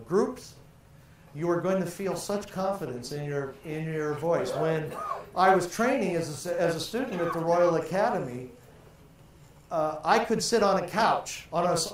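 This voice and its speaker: Older man, booming in an echoey hall. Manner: theatrical, projects and stretches vowels and syllables in drills. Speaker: voice and speaking coach. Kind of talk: workshop lesson with vocal exercises. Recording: very echoey room, faint ambient noise.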